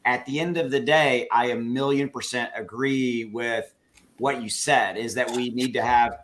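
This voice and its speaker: A man's voice: medium pitch, steady tone, normal speed, a bit bright, slight background noise. A man with a Texas accent making an earnest, emphatic point on a video call, with plenty of filler words. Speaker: crypto streamer. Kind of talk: casual live-stream chat.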